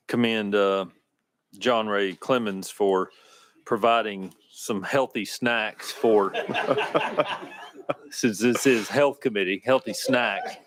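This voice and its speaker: A man legislator making light remarks in a committee, amused and unhurried with hesitations, speaking into a desk microphone. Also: fairly low pitch, fairly bright tone, a little hiss or hum.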